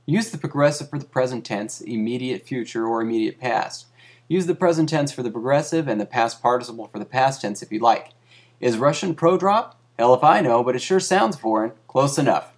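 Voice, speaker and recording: Dry mock-academic male narrator. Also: mid-range voice. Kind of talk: deadpan comic reading of a satirical article.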